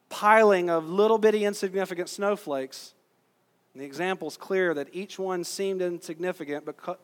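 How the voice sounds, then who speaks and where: A man with a high voice delivers a sermon from the pulpit. He talks casually with his listeners, throws out rhetorical questions, and slows down to stress his points. His words carry a long echo through the church hall. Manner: conversational preaching, rhetorical questions, emphatic slowdowns. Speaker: pastor. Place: church sanctuary.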